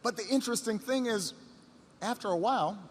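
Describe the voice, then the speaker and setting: A middle-aged man giving a storytelling speech as a political speaker. He starts over and repeats himself, then builds up to shouted rallying lines. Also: sits high, a little fast, long reverb tail, slight background noise.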